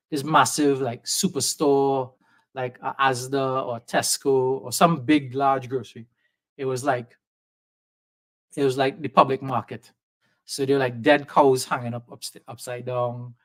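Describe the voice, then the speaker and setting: A man from Trinidad with a softened Trinidadian accent, telling a lively personal story as a podcast guest and acting out the voices of people he quotes. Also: mid-range voice, unhurried. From Trinidad and Tobago. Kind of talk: storytelling in a conversation. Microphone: video call setup.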